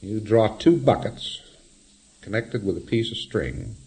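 A man's voice: fairly low pitch, very animated, a little slow, mellow. A man lecturing in a wry, explanatory way, often chuckling at his own examples. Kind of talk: recorded lecture.

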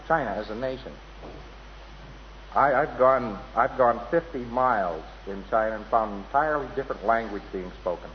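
Man, mid-pitched, digressive lecturer who imitates voices; dull lo-fi hall recording. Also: a little hiss or hum. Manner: rambling, anecdotal, mimics voices. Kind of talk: lecture to an audience.

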